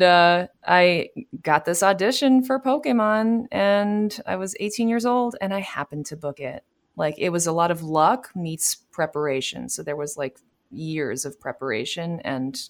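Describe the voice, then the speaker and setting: A woman's voice: lowish voice, normal speed, vocal fry. A woman in her thirties from New York City, a voice actor answering interview questions in a chatty way, laughing easily. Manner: warm, chatty, laughs easily, many fillers. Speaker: voice actor guest.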